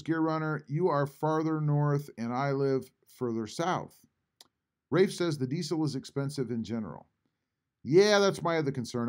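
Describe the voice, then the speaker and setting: A man hosting a casual live stream from home, reading chat messages aloud and answering them with frequent pauses. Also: mid-range voice. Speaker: YouTube channel host reading live chat. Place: home, at a computer.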